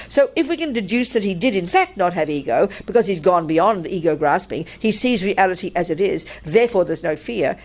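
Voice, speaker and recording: An older woman, a Buddhist nun, giving a dharma talk in a blunt, animated way and laughing through her stories. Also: mid-range voice.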